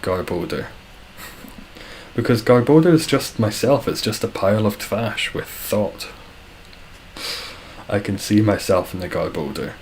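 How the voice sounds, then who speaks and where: Scottish man, lowish voice, live streamer, dry self-deprecating banter, faint background hiss. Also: lively intonation, a little slow, pauses often, darkish tone, rough recording. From Scotland. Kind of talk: casual live-stream chat reading viewer comments.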